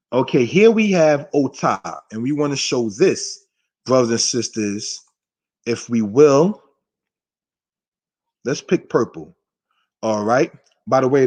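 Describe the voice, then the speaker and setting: A man from the United States teaches a live online Hebrew class in a conversational way, calling listeners brothers and sisters and slowing down to stress key words. His voice is medium-pitched and a little mellow.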